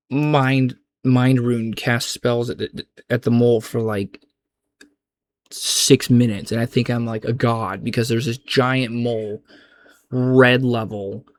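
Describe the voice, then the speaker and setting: Young man, gaming vlogger, casual rambling chat, slangy, mid-pitched voice. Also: level tone, slow pace, long pauses. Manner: loose, slangy, rambling with frequent restarts.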